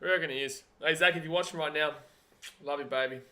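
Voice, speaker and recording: A man hosting a live watch-along of a rugby league match, chatting casually and getting excitable, at times yelling at the screen. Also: a little high, quick pace.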